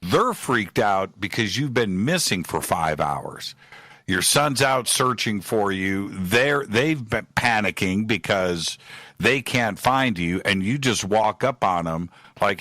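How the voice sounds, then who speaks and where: A man's voice: lowish voice, animated, slow pace, pushed and bright, no room sound, clean studio sound. A man hosting a radio interview, energetically recapping the story and pressing his guest with questions. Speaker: radio show host.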